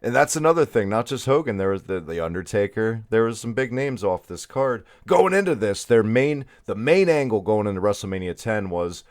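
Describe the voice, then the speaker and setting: Wry low-voiced man, dry close sound. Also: very animated, fairly quick, hardly any pauses, no echo. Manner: opinionated, wry storyteller. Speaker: podcast guest. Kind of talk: casual chat.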